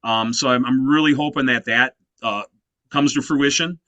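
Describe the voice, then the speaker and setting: A man's voice: mid-range voice, fairly even intonation, normal speed, sharp tone, no echo. A man in his fifties, a guest musician in a casual interview, telling stories animatedly and leaning on "you know" fillers. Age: 50s.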